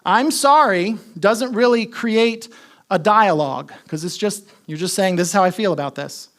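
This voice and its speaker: A man's voice: sits high, normal speed, fairly bright tone. A man preaching a sermon as pastor, talking conversationally, asking the congregation questions and repeating his key points.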